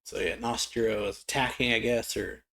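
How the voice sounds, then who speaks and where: A man's voice: on the low side, steady tone, moderate pace, creaky, fairly bright tone. A man hosting a reaction video, casually reading and commenting, hesitant with fillers. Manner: casual, hesitant, reads quotes aloud with laughs between. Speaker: reaction channel host.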